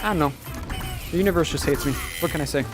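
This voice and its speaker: A man's voice: fairly high pitch, quick pace. A young man livestreaming a game, tired after many hours and wryly joking with his viewers. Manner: wry, self-mocking, chatting to viewers while playing. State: tired from a very long stream. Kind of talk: casual livestream gaming commentary. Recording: game music playing behind.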